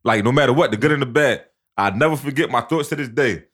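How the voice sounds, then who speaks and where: A man's voice: mid-range voice, a bit bright. A young man telling a personal story in casual slang, repeating himself and restarting often. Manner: repetitive, halting slangy storytelling.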